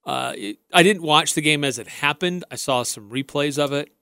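A man's voice: on the high side, normal speed, vocal fry, sharp tone, clean tone, dry recording. A man hosting a sports talk radio show in a studio, friendly and chatty, often restarting his sentences.

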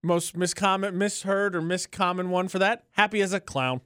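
A man's voice: high voice, steady tone, normal speed, bright, forceful tone, clear, resonant tone, no echo, clean studio sound. A man co-hosting a radio show, bantering casually and laughing often. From not from Utah.

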